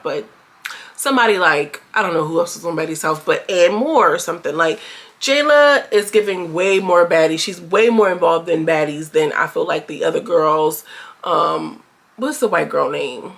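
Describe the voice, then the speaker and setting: A woman giving a casual, slangy recap of a reality show, often jumping into high, mocking voices to quote the cast. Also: animated, normal speed, creaky, a bit bright. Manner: chatty, slangy, jumps into high mocking voices when quoting. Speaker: show reviewer.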